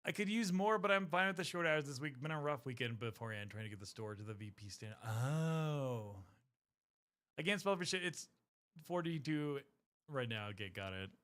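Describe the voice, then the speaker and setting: A man's voice: a little high, expressive, normal speed, fairly bright tone. A man streaming while painting miniatures, chatting casually with his viewers, rambling and swearing often. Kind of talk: casual live-stream chat.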